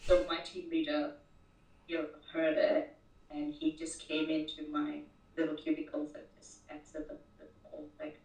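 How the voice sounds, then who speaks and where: A woman's voice: low-pitched, monotone, normal speed, darkish tone. A woman as an interview guest, telling a work story in casual talk and often repeating words as she starts sentences. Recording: roomy echo, distant mic.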